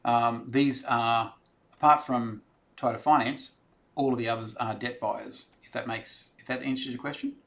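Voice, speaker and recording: With a steady, slightly bright but creaky mid-range voice, an Australian man runs a live stream at a moderate pace. He's chatty and rambling in a friendly way, reading viewer comments out loud and answering them.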